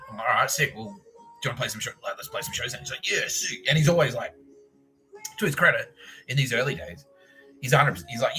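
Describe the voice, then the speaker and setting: Over soft background music, a middle-aged Australian man hosts a podcast, speaking quickly at a medium pitch. His casual storytelling is animated and full of swearing, frequent laughter and voices he acts out.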